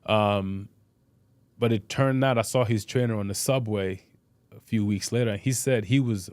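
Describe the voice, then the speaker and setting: A middle-aged man with a fairly low voice tells boxing stories in loose, profane interview talk. He restarts his sentences often and leans on "you know". The sound is dry and close, with no room echo. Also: normal speed, a little mellow. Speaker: podcast guest, boxer and fitness trainer. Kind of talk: casual interview storytelling.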